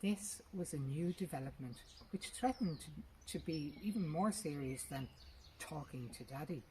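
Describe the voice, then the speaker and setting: A woman reads a short story aloud, her voice low and her telling lively and expressive. Faint birdsong sits in the background of the recording. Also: moderate pace, slight background noise, low-quality recording. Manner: lively, expressive first-person narration. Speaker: reader.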